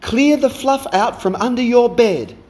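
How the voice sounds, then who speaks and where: A man voicing a bossy mother who nags her son with brisk orders, in a poem reading. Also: very high-pitched, a little mellow, pitched above the performer's own voice. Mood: nagging.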